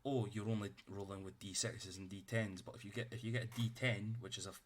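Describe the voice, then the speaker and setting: A man's voice: lowish voice, fairly even intonation, fast, a little hiss or hum. A man running a tabletop game, chatting out of character in a rambling way and swearing freely. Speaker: game master. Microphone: streaming setup.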